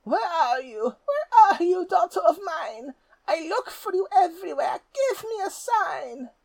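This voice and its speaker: A man's voice: extremely high pitch, very animated, a little slow, vocal fry, darkish tone, pitched above the performer's own voice, heavily acted. A man voicing a troll mother who sings a wailing call through the forest, in a storybook reading.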